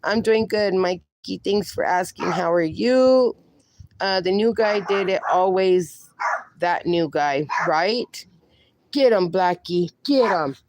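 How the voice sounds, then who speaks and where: A woman's voice: on the low side, takes it slowly, background noise. A middle-aged woman hosting a casual livestream, reading viewer comments aloud and baby-talking to her dogs. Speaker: livestream host.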